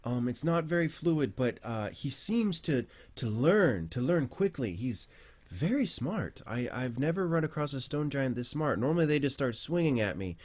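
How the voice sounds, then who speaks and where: A man's voice: medium pitch, very animated, normal speed, a little mellow, pitched above the performer's own voice. A man voicing an eccentric, jittery bird-man who tames giants, stammering and repeating himself. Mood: friendly.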